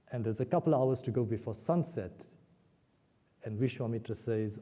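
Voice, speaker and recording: A man giving a spiritual discourse at a temple celebration, retelling a scripture story with animated emotion. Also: medium pitch, normal speed. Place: temple hall. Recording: muffled sound in a reverberant hall.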